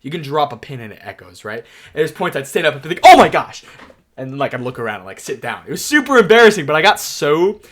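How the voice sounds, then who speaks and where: A young adult man giving casual tier-list commentary, telling rambling, excitable stories padded with lots of "like". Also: on the high side, quick pace, few pauses. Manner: excitable, rambling storyteller full of "like". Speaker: anime YouTuber.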